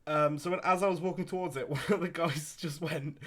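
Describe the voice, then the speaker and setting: A man's voice: on the high side, fairly quick, few pauses, fairly bright tone. A young man hosting a podcast in casual chat, rambling through stories and breaking into laughter. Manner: laughing, rambling storyteller with crude jokes. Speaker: podcast host.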